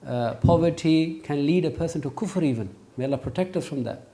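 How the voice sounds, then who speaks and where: A man with a fairly high-pitched voice talks briskly, running an interactive religious lesson for students in a classroom. Lively and emphatic, he keeps quizzing the class while pushing his main points.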